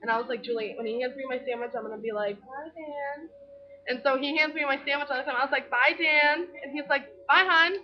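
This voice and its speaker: A woman's voice: high-pitched, quick pace. A young woman vlogger telling a funny story in casual chat, giggling and acting out what people said. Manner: giggly, animated retelling with quoted voices. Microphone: webcam. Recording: dull lo-fi webcam audio.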